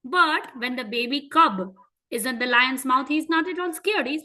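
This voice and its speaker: A woman with an Indian English accent teaches an interactive lesson for children in a high, bright voice at a moderate pace. She keeps asking them questions and tells her examples with lively, animated storytelling, though the audio is poor.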